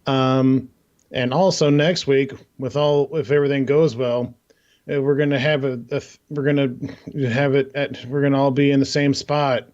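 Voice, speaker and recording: A man co-hosts a casual gaming podcast, rambling through plans with plenty of restarts. He slips into deadpan sarcasm. His voice comes through a slightly muffled, lo-fi microphone at a middling pitch. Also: normal speed. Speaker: podcast co-host. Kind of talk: casual chat.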